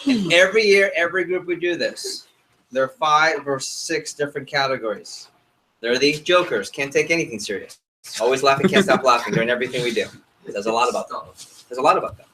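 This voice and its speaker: A man's voice: medium pitch, fairly quick, low-quality recording. A man leading a group training session, calling out instructions and repeating them to a room full of people. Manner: energetic, directive, repeats instructions. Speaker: workshop leader.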